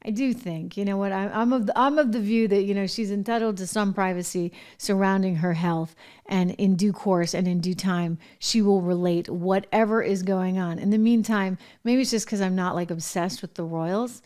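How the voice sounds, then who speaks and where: A woman hosts her own show and runs through the news in a loose, conversational way. Her voice sits at a medium pitch, and she fills her commentary with chatty asides and casual fillers. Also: moderate pace, darkish tone. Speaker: show host.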